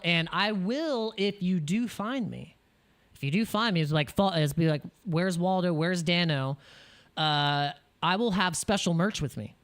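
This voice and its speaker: A man's voice: sits high, fairly bright tone, clear, resonant tone. An American man hosting a crypto livestream in casual chat, rambling and joking, with frequent laughs and restarts, jittery from espresso. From United States.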